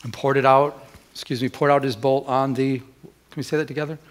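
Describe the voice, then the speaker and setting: A middle-aged pastor with a mid-range voice preaches briskly, sharing a story from his own life. He performs the conversations vividly and keeps starting over mid-thought.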